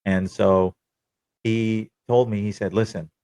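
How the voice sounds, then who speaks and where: A man's voice: fairly low pitch, a little slow, no echo. A young man telling his own story on a podcast, candid, profane and wry. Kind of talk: casual personal storytelling.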